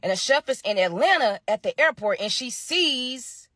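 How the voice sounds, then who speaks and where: A young woman telling a story in a casual, slangy, animated way, dramatizing each twist. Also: on the high side, normal speed, no room sound, studio quality. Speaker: storytime vlogger.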